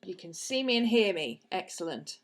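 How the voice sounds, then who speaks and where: A woman's voice: medium pitch, lively intonation, normal speed, noisy background. A woman hosting a casual live stream from her desk at home, congested with a sniffly head cold and chatting in a rambling way. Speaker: livestream host and art teacher.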